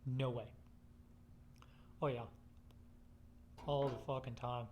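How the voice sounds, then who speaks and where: A man's voice: mid-range voice, level tone, slow, darkish tone, lo-fi sound, a little hiss or hum. A man telling a rambling personal story in casual chat, swearing constantly.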